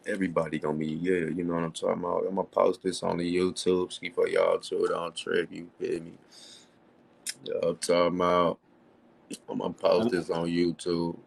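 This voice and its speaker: A man's voice: low voice, level tone, moderate pace, vocal fry. A man hosting a livestream debate, insistent and taunting, repeating his challenges over and over. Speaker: livestream host.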